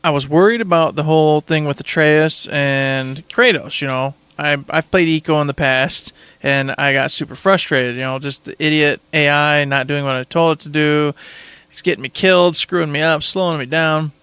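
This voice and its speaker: An enthusiastic man rambles through a casual podcast chat in a slightly higher voice. The sound is close and dry, with no room echo. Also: steady tone, moderate pace, fairly bright tone, clean tone. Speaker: podcast host.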